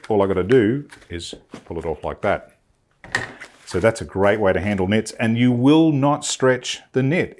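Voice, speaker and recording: Man, fairly low voice, chatty and enthusiastic, casual demo. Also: darkish tone. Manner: chatty, enthusiastic, thinks aloud with fillers. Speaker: sewing demonstrator. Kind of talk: casual product demonstration. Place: film studio.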